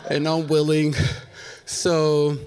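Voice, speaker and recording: A man's voice: on the high side, completely flat delivery, slow pace, noisy background. A man in his thirties telling a funny true story on stage, candid, with laughing asides to the audience. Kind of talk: live personal storytelling on stage. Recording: long reverb of a stage hall.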